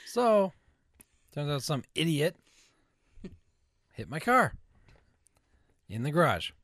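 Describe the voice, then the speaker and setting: A man's voice: a little high, very animated, takes it slowly, a bit bright, dry recording. Man, casual storytelling, wry, sarcastic, chuckling, dry close mic.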